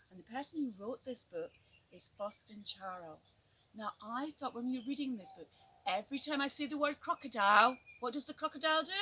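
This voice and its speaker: A woman teacher reading a picture book aloud to young children, animated and coaxing them to join in. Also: a little high, fairly quick, a little hiss or hum. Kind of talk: storybook read-aloud for children. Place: outdoors at a tree house.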